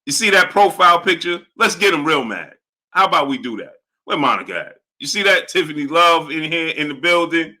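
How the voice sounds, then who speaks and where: A man hosting a live stream, greeting viewers by name and repeating catchphrases in a lively way. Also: fairly high pitch, brisk. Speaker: live-stream host reading viewer chat. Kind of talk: casual live-stream chat.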